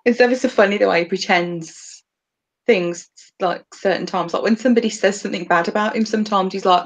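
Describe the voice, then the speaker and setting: A woman's voice: mid-range voice, fairly quick. A woman co-hosting a podcast, chatting casually about a TV episode and laughing often as she talks. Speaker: podcast co-host.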